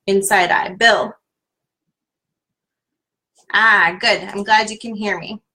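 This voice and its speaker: A woman's voice: mid-range voice, steady tone, slow pace, bright, forceful tone, low-quality recording. A woman coach guiding listeners through a tapping exercise on a live stream, repeating a name again and again for them to follow.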